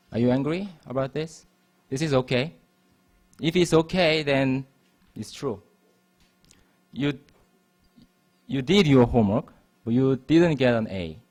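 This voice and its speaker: In a university math lecture, a man with a mid-range, somewhat dark voice explains things patiently. He often restarts his phrases as he works through the material in this classroom setting.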